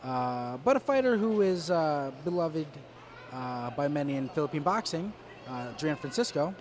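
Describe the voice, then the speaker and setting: Guy calling a boxing match, kinda high voice, lots of uhs, arena noise behind. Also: expressive, normal speed. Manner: hesitant, many fillers and restarts; dry, wry asides. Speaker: boxing commentator. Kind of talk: live fight commentary.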